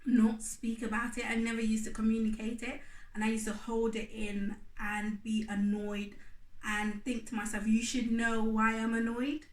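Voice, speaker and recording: A woman with a high voice talks candidly about her marriage, livening up when she acts out old grievances. She sits a little back from the mic in an echoey room. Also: moderate pace, recorded from a distance. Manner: candid, animated when acting out remembered complaints. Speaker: wife co-hosting a marriage video. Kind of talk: casual chat.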